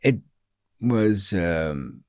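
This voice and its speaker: An older man telling stories as a guest in a studio interview, dry and wry, with frequent pauses and restarts. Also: sits low, expressive, a little mellow, no room sound. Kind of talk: storytelling in a long-form interview.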